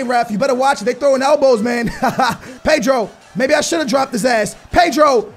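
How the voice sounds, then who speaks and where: A young man doing loud, slangy live commentary over a football video game, his voice strained from shouting. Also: extremely high pitch, a little slow, soft background music. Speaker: gaming YouTuber.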